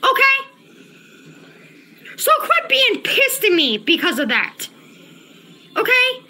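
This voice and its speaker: Woman livestreamer, agitated and cussing, high and lively pitch, repeats lines. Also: takes it slowly, a little hiss or hum. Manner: agitated, profane, repeats herself. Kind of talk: casual livestream chat, reading chat.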